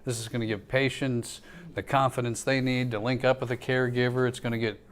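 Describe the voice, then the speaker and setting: A man's voice: medium pitch, flat delivery, a little fast. A man hosting a live-streamed talk show, chatty and upbeat, with promotional energy. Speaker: host.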